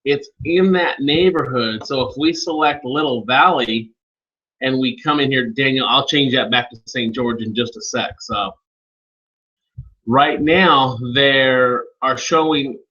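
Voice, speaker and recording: A webinar trainer leads a live online session, talking informally and calling on attendees by name while he walks through software steps. His voice is medium-pitched and unhurried, and the high frequencies are cut off.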